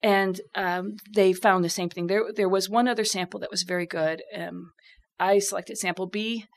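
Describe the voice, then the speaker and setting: A woman guest on a radio talk show, telling stories in a lively, chatty way. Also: mid-range voice, moderate pace. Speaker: guest, bourbon expert. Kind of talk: casual radio chat.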